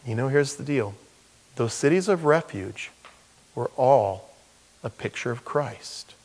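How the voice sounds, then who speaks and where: A man's voice: mid-range voice, expressive, slow, darkish tone, in a large hall. An older man, a pastor and grandfather, preaching a sermon in a conversational, folksy way with asides.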